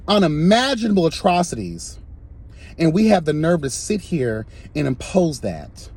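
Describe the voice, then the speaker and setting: A man giving an impassioned, sassy commentary rant, swinging between soft asides and loud emphatic outbursts. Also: a little high, husky.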